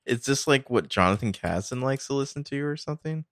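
A man's voice: medium pitch, expressive, brisk, a bit bright, dry recording, clean studio sound. A man co-hosting a podcast, dismissing a film's problems in a wry, casual way. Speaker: podcast co-host. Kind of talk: casual movie review chat.

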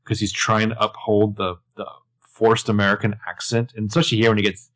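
A man's voice: lowish voice, flat delivery, fairly quick, a bit bright. A man co-hosting a casual TV recap podcast, chatty and analytical with lots of filler words. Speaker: podcast co-host.

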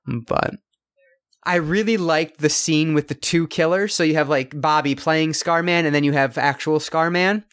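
Man, podcast host, casual film chat, rambling, lots of ums, slightly high voice. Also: normal speed, fairly bright tone, clean tone. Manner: rambling, many fillers and restarts.

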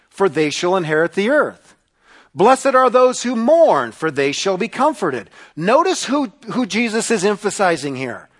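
A man delivers a sermon to a congregation with a high, bright voice. His pitch swings widely as he acts out the people in his story with animated energy. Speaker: pastor.

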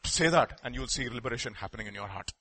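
Emphatic preacher man, bright voice. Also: mid-range voice, animated, quick pace, husky. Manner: emphatic, swings between loud declaring and hushed confiding; reads scripture aloud, asks the congregation questions. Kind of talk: sermon.

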